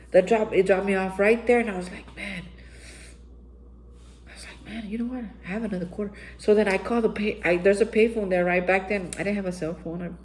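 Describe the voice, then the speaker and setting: A woman's voice: medium pitch, darkish tone, poor audio. A woman hosting a daily reflection channel, telling an earnest personal recovery story and acting out her own past lines. She is from Texas.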